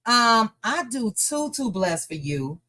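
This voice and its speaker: A woman's voice: a little high, sing-song, slow pace, pushed and bright. A woman hosting a casual gossip livestream from home, chatting and reading viewer comments aloud. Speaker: gossip show host.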